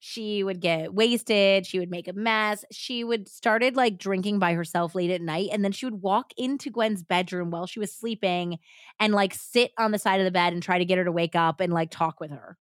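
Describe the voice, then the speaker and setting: A woman's voice: medium pitch, moderate pace, clear, resonant tone, no echo, studio quality. A young woman hosting a podcast, telling a story casually with lots of "like.". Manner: chatty, frequent "like" fillers. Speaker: podcast host.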